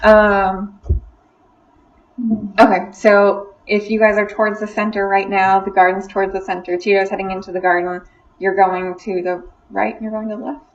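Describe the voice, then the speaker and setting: A woman narrating a tabletop game as dungeon master, often pausing with "um". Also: medium pitch, level tone, recorded from a distance. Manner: hesitant, many ums. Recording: dull lo-fi audio.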